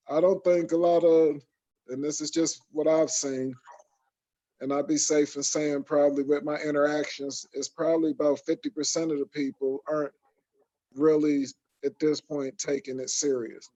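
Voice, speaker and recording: Rambling man with a mellow voice. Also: on the high side. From Michigan, USA. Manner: rambling, many fillers and restarts. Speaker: podcast host. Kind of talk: casual podcast chat. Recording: dull lo-fi sound.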